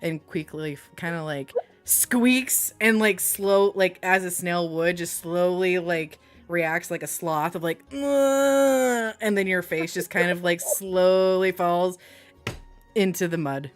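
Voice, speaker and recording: Low-voiced woman game master, rambling. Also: fairly even intonation, a little slow, soft background music. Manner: rambling, giggly, many fillers. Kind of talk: narrating a tabletop game.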